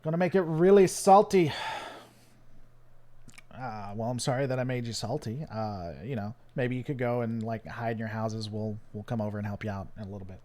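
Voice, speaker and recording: A man's voice: fairly low pitch, fairly even intonation, fairly quick, few pauses, darkish tone. A man from the United States hosting his channel, rambling and joking with lots of fillers in casual live-stream commentary. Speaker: channel host.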